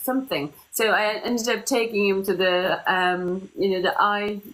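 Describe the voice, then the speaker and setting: A middle-aged woman hosting a live-stream Q&A as a company CEO, talking in a chatty, lively way and slipping into quoted voices. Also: medium pitch, moderate pace, low-quality recording. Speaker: CEO of a medical tourism company, host.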